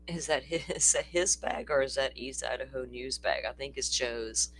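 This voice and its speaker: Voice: mid-range voice, fairly even intonation, a little slow, fairly bright tone, a little hiss or hum. A livestream host, chatting casually and rambling through a true-crime stream, laughing often and swearing freely, sounding tired. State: tired, yawning.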